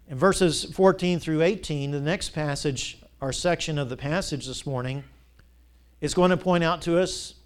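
A man preaching with a fairly high voice that swings from soft, low asides to loud, ringing peaks. He repeats key lines and tosses rhetorical questions at his listeners as their pastor. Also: moderate pace. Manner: big swings between loud peaks and quiet drops. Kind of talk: sermon.

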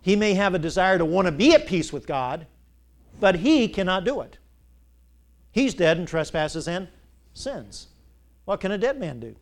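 Emphatic man preaching, swinging loud and soft. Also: high-pitched, sing-song, normal speed, pauses often. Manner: emphatic preaching with rhetorical questions and repetition; big swings between loud peaks and quiet drops. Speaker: pastor. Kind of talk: sermon.

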